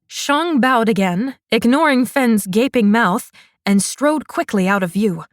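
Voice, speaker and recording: A woman narrating a fantasy romance audiobook in a measured, unhurried manner. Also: a little high, expressive, no room sound, clean studio sound.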